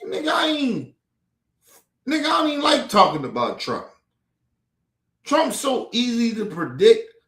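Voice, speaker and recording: Heated ranting man, high lively voice. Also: echoey room. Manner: heated, profane, repetitive. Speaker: political commentary streamer. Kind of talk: ranting commentary. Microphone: streaming mic.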